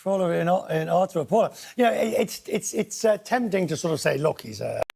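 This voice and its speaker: A man's voice: high-pitched, very animated, brisk, vocal fry, a little mellow, slightly rough. A man hosting a news show, talking conversationally with stammering restarts.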